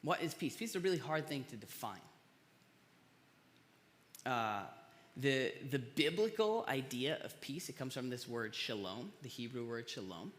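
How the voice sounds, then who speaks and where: A man's voice: mid-range voice, lively intonation, a little slow, pauses often, a bit bright. A man pastor giving a casual, conversational sermon, telling stories with self-deprecating jokes. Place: large church hall. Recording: long hall reverb.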